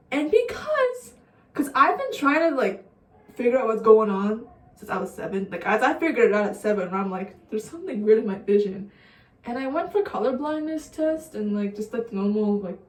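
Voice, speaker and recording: A young woman vlogger telling a rambling, profane story in a casual storytime way. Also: on the high side. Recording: roomy sound, distant mic.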